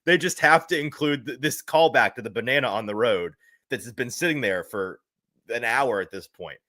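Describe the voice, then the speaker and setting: A man's voice: medium pitch, moderate pace, sharp tone, dry recording, studio quality. A man in casual chat as a co-host, rambling and restarting his sentences as he runs through notes. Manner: rambling, self-interrupting, laughs at his own quotes.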